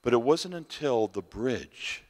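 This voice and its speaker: A man telling a dramatic story as a festival sermon, pausing and repeating phrases for effect. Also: medium pitch, expressive, darkish tone. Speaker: festival speaker. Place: large hall at a festival. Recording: reverberant hall.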